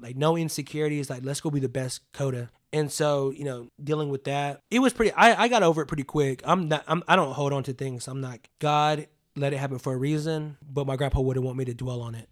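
A young adult man, a podcast guest, telling personal stories in an earnest, casual way, full of "like" and "you know what I mean". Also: mid-range voice.

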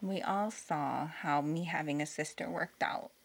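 A woman's voice: low voice, a little slow, gravelly, slightly rough. A young woman from Texas with a light Texan accent, chatting casually as a co-host and telling stories animatedly with frequent laughter. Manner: animated storyteller, laughs often, does voices in quotes. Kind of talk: casual chat.

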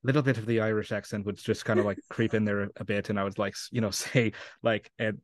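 A man's voice: fairly low pitch, little pitch movement, fast, no room sound. A young man from New Mexico, an actor guest talking casually in an interview, rambling with lots of fillers and frequent laughs. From Santa Fe, New Mexico.

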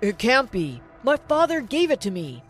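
A woman's voice: on the high side, wildly swooping pitch, moderate pace, soft background music. Woman voicing a commanding middle-aged dad. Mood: shaken. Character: stern, then shaken middle-aged father.

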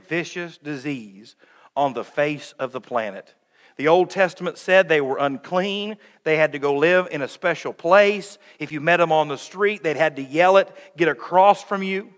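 A man's voice: on the high side, fairly bright tone, long reverb tail. A young man preaching a sermon as pastor, earnest and intent, breaking into joking asides about his family. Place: church sanctuary.

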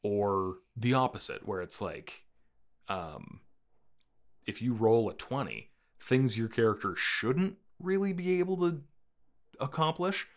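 A young man in casual chat about a movie, relaxed and rambling, with lots of fillers and easy laughter. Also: medium pitch, slow.

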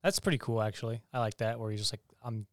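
A man co-hosting a podcast, reviewing a film in casual chat, animated and swearing, acting out lines as he retells scenes. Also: fairly low pitch, rapid-fire, dry recording, studio quality. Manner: animated, swearing, quoting people in voices. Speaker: podcast co-host.

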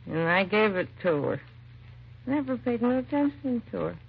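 A woman's voice: medium pitch, expressive, moderate pace, creaky, husky. An actress playing a drunk, grieving young mother in her late twenties, weary and slurring, in an old radio crime drama. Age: late 20s. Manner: slurred, weary, self-accusing. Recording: dull lo-fi old radio recording.

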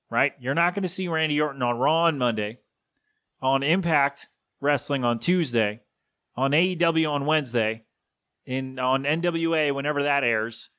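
A man hosting a solo podcast, talking casually and with strong opinions, often correcting himself and sometimes slipping into a gruff put-on voice for quick impressions. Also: mid-range voice, sharp tone. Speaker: podcast host. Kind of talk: solo rambling podcast talk.

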